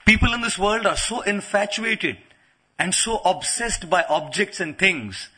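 A man's voice: sits high, animated, measured pace, bright, forceful tone, slightly rough. A man preaching a sermon, telling stories and acting out quotes with playful asides. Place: lecture venue in the UK.

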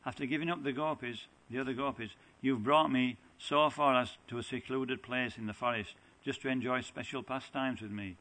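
A lovesick young goddess begs her beloved not to leave her, her words carried by a plain, earnest reading voice of middling pitch, as a man reads her part aloud. It is a scripture recitation, not stage acting. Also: fairly even intonation, normal speed, hardly any pauses, a bit bright, close to an everyday voice, poor audio. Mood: pleading.

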